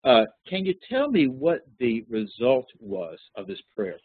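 A man leading a Bible study class, teaching in a relaxed, conversational way with many fillers and questions to the group. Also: medium pitch, measured pace, husky, no room sound, phone-quality sound. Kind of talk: interactive Bible lesson.

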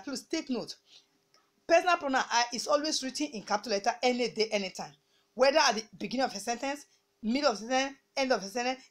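A woman from Nigeria teaching an English grammar lesson, speaking deliberately, repeating key points and slowing down to dictate example sentences. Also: fairly high pitch, fairly bright tone.

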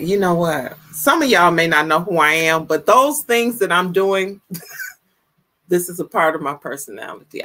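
A woman in her fifties hosting a casual live stream, greeting viewers with exuberant shouts and drawn-out, playful calls. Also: fairly low pitch. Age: 50s. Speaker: livestream host.

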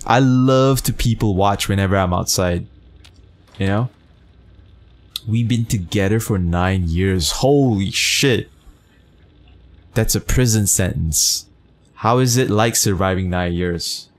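A man's voice: on the low side, unhurried, pauses often. A man streaming a game, chatting casually with his chat, teasing, full of fillers and swearing. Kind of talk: casual gameplay commentary, reading chat.

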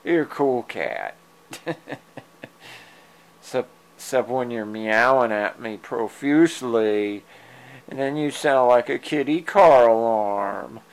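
Speaking slowly in a smooth, mid-range voice, a man coaxes his cats with fond, casual pet talk while filming them at home. He meows at them and lets out soft chuckles, all captured on a handheld digital camera mic.

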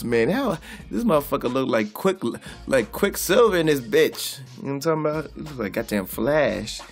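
A man doing loud, profane, comedic boxing commentary in a vlog, laughing often and calling out like a preacher. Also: mid-range voice, animated, a little fast, faint music behind. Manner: boisterous, profane, laughs a lot, preacher-style call-outs. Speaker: boxing vlogger.

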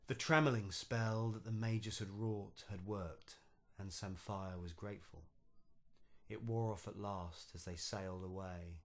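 A man narrating his own storybook poem in a measured, rhythmic recitation. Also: on the low side, fairly even intonation. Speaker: poet and narrator.

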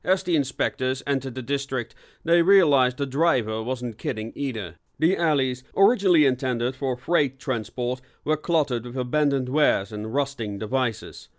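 A man reading scripted narration for an audiobook in a steady, even storytelling manner. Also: mid-range voice, moderate pace, few pauses.

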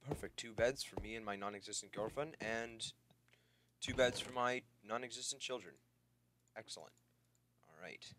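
A man giving casual, excitable let's-play commentary, chatting to the creatures he meets and yelping when they rush him. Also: lowish voice, moderate pace, pauses often, a little hiss or hum. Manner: excitable, talks to the creatures on screen, yelps in panic. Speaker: gameplay commentator. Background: game music.

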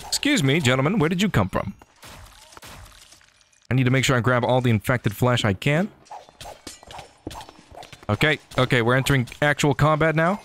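A man giving excitable, joking commentary over his gameplay, often talking back to enemies on screen. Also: medium pitch, normal speed, long pauses, a little hiss or hum. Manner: excitable, jokey, talks to enemies. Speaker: gaming YouTuber. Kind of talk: game commentary.

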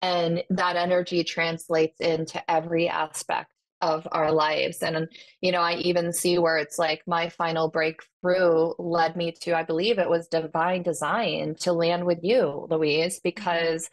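Earnest woman coach, lower voice. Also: flat delivery, a little slow. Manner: earnest and effusive, inspirational phrasing. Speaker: podcast guest and wellness coach. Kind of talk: casual podcast chat.

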